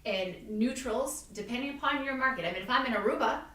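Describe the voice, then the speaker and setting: A woman's voice: on the high side, quick pace, fairly bright tone. A woman real estate agent hosting a podcast in casual chat, telling stories and acting out what people said. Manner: chatty storyteller, acts out quotes. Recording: echoey room, mic at a distance.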